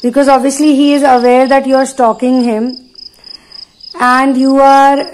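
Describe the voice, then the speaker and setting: A woman giving an earnest spiritual talk to her listeners, pausing now and then to channel messages. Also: high voice, flat delivery, a little mellow, slight background noise, low-quality recording. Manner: earnest, repetitive, pauses to channel. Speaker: spiritual reader.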